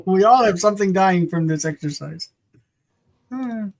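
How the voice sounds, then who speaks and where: A man leads an online class in a somewhat high voice, affirming his students' answers and gently correcting how they pronounce words. He sounds like he is on a video call. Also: unhurried, poor audio. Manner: encouraging, gently corrects pronunciation. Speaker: teacher.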